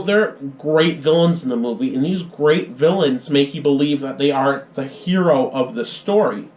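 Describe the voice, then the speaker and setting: A young adult man giving a casual, rambling spoken movie review on a college radio show. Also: a little high. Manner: rambling, conversational, with restarts. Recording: roomy, dull lo-fi sound.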